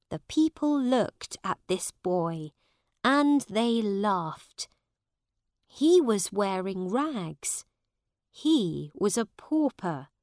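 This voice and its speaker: A woman narrating a storybook in a careful, deliberate way. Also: mid-range voice, expressive, a little mellow, no echo, studio quality. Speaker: audiobook narrator. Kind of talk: slow storybook narration for learners.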